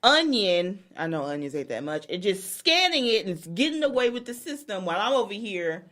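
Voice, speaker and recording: Woman, podcast co-host, casual storytelling, swearing, pitch swinging up and down. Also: moderate pace. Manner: animated, profane, acts out quoted people.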